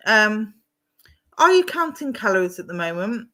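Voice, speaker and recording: Woman medium, chatty and affectionate, mid-pitched voice. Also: very animated, moderate pace. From London. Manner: warm, chatty, calls viewers "my darling". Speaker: psychic medium. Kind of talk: live-streamed psychic readings.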